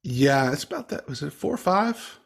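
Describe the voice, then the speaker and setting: A man's voice: fairly high pitch, sing-song, normal speed, vocal fry, husky. A man hosting a casual interview, asking questions and reacting briefly. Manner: friendly, short reactions and questions. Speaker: podcast host.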